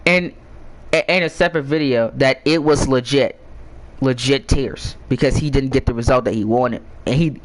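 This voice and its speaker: A young man talks casually to his viewers with a lively, swooping pitch. He rambles, repeats himself and restarts his sentences often. His tone is playful and teasing. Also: rough recording. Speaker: gaming YouTuber. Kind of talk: casual advice chat to viewers.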